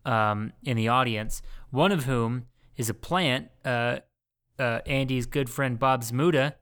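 A man's voice: mid-range voice, unhurried, a bit bright, smooth. A man co-hosting a casual podcast chat, laughing often and playfully prodding his co-host.

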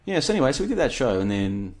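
A man's voice: mid-range voice, sing-song, very fast, darkish tone. A man hosting a solo late-night talk show, chatting in a rambling, digressive way and reading out listener comments. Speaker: podcast host.

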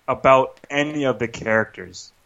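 A man's voice: mid-range voice, moderate pace, fairly bright tone, lo-fi sound. A man co-hosting a podcast, ranting in an agitated casual way, often stopping to restart and asking "right?". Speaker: podcast co-host. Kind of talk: casual film rant.

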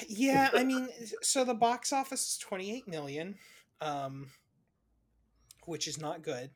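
A co-host in a casual movie podcast, talking in an animated way, swearing and piling up examples. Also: mid-range voice, slow pace. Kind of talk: casual chat reviewing movies.

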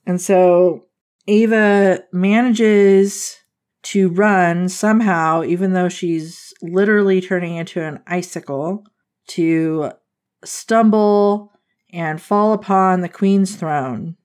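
A woman with a lowish voice walks through a book's plot at a slow, easy pace. She tells it like casual chat with a friend, animated and quick to laugh. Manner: animated storytelling, laughs often. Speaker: book podcast host.

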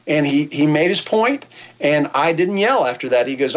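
A man's voice: on the high side, a little fast. Friendly man interviewing a coach. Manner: friendly, respectful, animated storytelling. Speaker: interviewer host. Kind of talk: casual interview chat.

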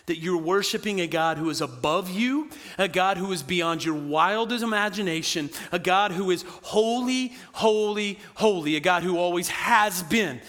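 Bright-voiced preacher in a reverberant hall. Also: male voice, on the high side. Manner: animated preaching, quick asides to the congregation. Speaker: pastor. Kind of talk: sermon. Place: church sanctuary.

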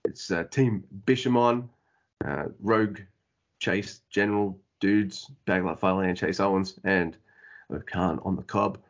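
A man's voice: sits low, measured pace, muffled recording. A man co-hosting a casual wrestling podcast, easygoing and laughing, running through a card of matches. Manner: easygoing, laughs often, reads through lists. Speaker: podcast co-host.

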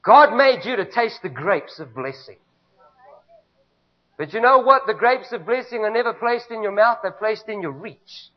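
A man's voice: high-pitched, animated, normal speed. A male pastor with a South African accent preaching a sermon in a church, emphatic and repetitive, calling on the congregation to respond. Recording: dull lo-fi recording.

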